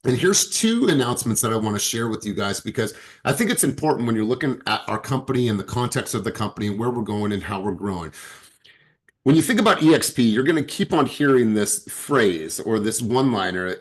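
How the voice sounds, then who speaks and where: A man's voice: lowish voice, animated, a little fast. A man, a sales director and coach, giving an emphatic motivational talk to his team and repeating words as he starts sentences.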